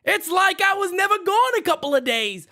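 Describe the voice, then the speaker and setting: A man hosting a baseball fan live stream from his home setup, hyped and shouting out viewers in the chat by name. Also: extremely high pitch, big pitch swings, moderate pace. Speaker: baseball fan show host.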